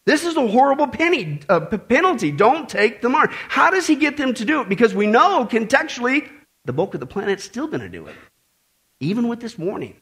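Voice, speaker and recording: A man preaching a sermon to a congregation, emphatic and animated, with joking asides and repeated warnings. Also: extremely high pitch, brisk.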